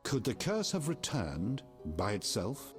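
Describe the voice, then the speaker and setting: An actor playing a stern middle-aged king who speaks in a commanding, measured and quietly menacing way. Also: medium pitch, big pitch swings, music in the background. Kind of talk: video game dialogue.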